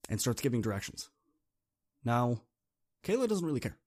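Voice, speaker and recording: A man's voice: mid-range voice, sing-song, moderate pace, pauses often, a little mellow. A man hosting a podcast, telling a second-person story in a casual, chatty way. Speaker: podcast host.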